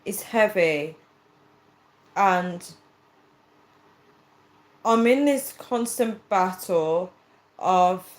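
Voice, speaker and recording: Woman chatting on a livestream, retelling a convo with all the voices, mid pitch, echoey room sound. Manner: chatty storyteller acting out quoted dialogue, earnest. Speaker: livestreamer reading viewer comments. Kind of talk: casual livestream chat. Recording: roomy echo.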